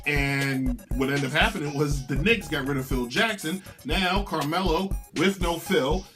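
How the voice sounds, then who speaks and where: A man's voice: fairly high pitch, normal speed, few pauses, fairly bright tone. A man hosting his own sports show, giving brash, opinionated takes in a sing-song, ranting way. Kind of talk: opinionated sports commentary monologue. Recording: music bed underneath.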